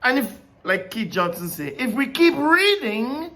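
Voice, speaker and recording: A man's voice: extremely high pitch, big pitch swings, a little slow, bright, forceful tone. A man giving an informal Bible teaching. He talks in a conversational way, asks many questions and laughs often. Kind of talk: informal sermon.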